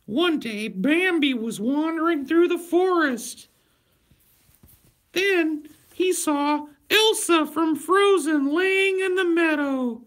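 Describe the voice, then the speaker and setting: A man voicing a squeaky, sweet-toned storybook narrator with sing-song storytelling.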